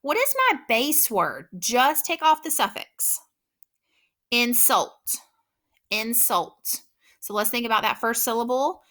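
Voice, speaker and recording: A woman teaching a phonics lesson, patiently sounding out words slowly and clearly. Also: a little high, animated, fairly bright tone. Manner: patient, encouraging.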